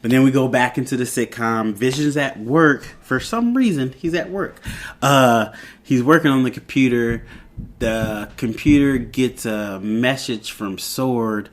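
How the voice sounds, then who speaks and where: A male reviewer walks through an episode in a loose, conversational recap. He rambles, circles back and fills pauses often, in a medium-pitched, everyday voice. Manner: rambling, with many fillers and restarts.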